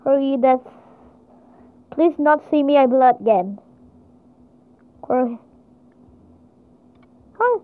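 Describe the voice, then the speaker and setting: Woman gamer, very high voice, slow halting delivery, panicky exclamations, tinny phone-like dry sound. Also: no echo. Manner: excitable, frequent panicked exclamations. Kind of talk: panicked gameplay commentary.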